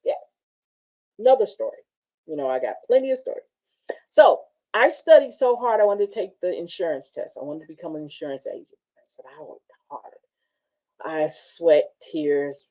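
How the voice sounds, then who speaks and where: On a motivational talk show, a low-voiced female host reads passages from her book and tells personal stories. Her manner is casual and animated with frequent laughter, and the audio is dull.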